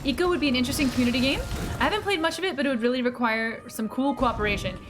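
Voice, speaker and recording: An American woman streaming a game, chatting casually and excitably with viewers and laughing often. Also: high voice, very fast. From United States. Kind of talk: casual live-stream chat while gaming. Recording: game music behind the voice.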